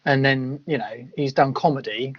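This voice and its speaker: A podcast co-host chats casually about a film, laughing often. His mid-range voice is slightly rough and moves at a normal speed. The podcast audio is dry and muffled, with no echo.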